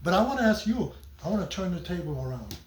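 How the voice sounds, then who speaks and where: Man, middle-aged, high voice, joking, rambling comedian, casual chat, echoey room. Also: very animated, fast, a little hiss or hum. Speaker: guest comedian and actor. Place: theater venue after a performance. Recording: roomy echo.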